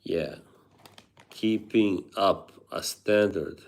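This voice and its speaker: A man's voice: low-pitched, very slow. A man live streaming, chatting casually with viewers, rambling, laughing often and reading chat aloud.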